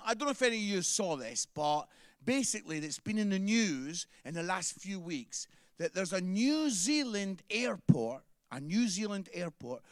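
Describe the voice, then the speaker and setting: A man's voice: high-pitched, dry recording, studio quality. A Scottish man performing a stand-up comedy set, bantering playfully with the crowd. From Scotland.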